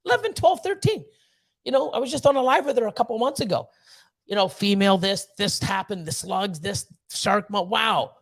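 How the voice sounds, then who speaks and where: A man with a notably high voice rants on a livestream, blunt and profane. He pushes hard with fired-up motivational talk and swears constantly. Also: a little fast, creaky, fairly bright tone. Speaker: snake breeder hosting a livestream. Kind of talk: livestream rant.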